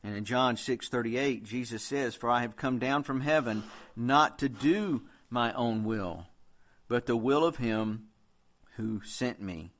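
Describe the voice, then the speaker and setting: A man's voice: medium pitch, a little slow, a bit bright. A man preaching a sermon in an earnest, conversational way, quoting scripture as he goes.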